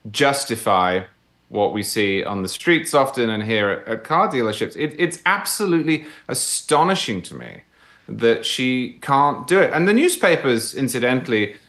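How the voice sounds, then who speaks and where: A man's voice: on the low side, a bit bright. A man commenting as a guest on a political talk show, emphatic and articulate.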